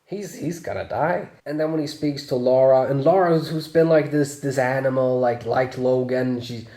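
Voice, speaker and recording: A man's voice: medium pitch, fairly even intonation, moderate pace, warm tone, roomy sound. A man chatting through a casual movie review, laughing often and swearing freely.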